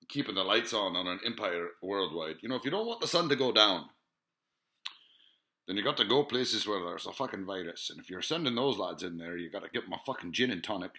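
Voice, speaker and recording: Rambling, swearing man, forceful voice. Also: lowish voice. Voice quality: profane, rambling, lots of filler sounds. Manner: digressive, musing, asks rhetorical questions. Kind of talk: rambling monologue to camera.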